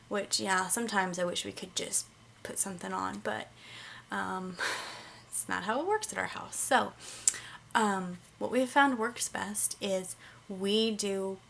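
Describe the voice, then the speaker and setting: Woman, mom vlogger, casual chat, lots of ums, slightly winded, mid pitch, faint hiss behind. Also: measured pace, creaky. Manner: relaxed and chatty, many "um" fillers. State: a little out of breath.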